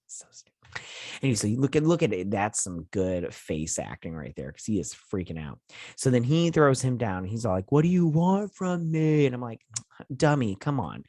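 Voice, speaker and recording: A man's voice: lowish voice, a little mellow, no echo, clean studio sound. A man hosting a casual TV review, rambling through a retelling full of fillers, quoted lines and mild cursing. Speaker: host of a TV review channel. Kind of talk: casual episode recap and review.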